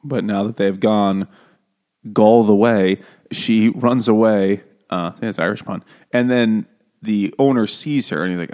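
A man's voice: lowish voice, unhurried, a little mellow. A man co-hosting a book club podcast in casual chat, joking, swearing freely and laughing often.

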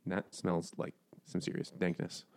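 Man, low voice, laughs a lot, casual podcast banter. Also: little pitch movement, normal speed, gravelly, a little mellow. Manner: joking, laughs often. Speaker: podcast co-host. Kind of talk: casual chat over beers.

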